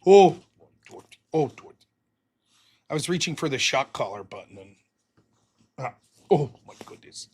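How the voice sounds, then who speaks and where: Lively, bright-voiced male streamer. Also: on the high side, slow, long pauses, husky. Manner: loose and rambling, swears freely. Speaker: live streamer and show host. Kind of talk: casual late-night live stream chat.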